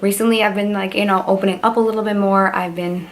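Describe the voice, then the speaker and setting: A woman's voice: medium pitch, fairly even intonation, quick pace. A woman in her twenties talking candidly to camera in a personal vlog, rambling and heartfelt, with lots of fillers. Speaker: beauty vlogger.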